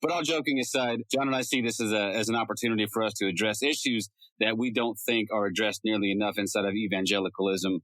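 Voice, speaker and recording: A man's voice: on the low side, steady tone, quick pace, hardly any pauses, a bit bright, no echo, low-quality recording. A man reading a casual, joking promo for his podcast.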